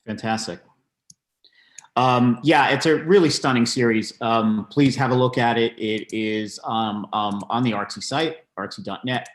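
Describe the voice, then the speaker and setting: Halting, chatty male gallery curator. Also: mid-range voice. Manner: warm-hearted praise, many ums and restarts. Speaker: gallery curator hosting a virtual tour. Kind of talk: casual video-call discussion.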